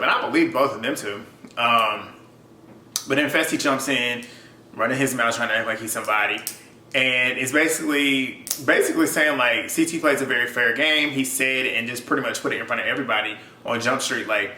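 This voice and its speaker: A young man giving a casual, animated recap of a reality TV episode, laughing often and swearing freely. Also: mid-range voice, brisk. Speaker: YouTube reality TV reviewer. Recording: echoey room with faint background hum.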